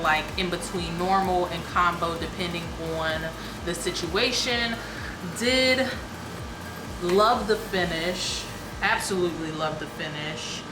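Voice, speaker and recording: A woman's voice: medium pitch, noisy background. Chatty young woman vlogging in an echoey room. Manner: chatty, rambling, laughs at herself. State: a little out of breath. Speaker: beauty vlogger. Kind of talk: casual vlog chat.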